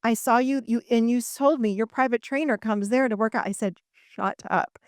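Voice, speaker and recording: Woman speaker, higher pitch, lively storyteller, dry close sound, live event talk. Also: a little fast, no echo. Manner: expressive storyteller, acts out quoted voices, laughs often. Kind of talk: animated talk to a live audience.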